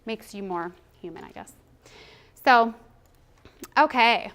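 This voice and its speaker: A woman giving a conversational presentation to educators, animated and chatty, sometimes acting out children's voices. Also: fairly high pitch, slow pace. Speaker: presenter on child emotional development.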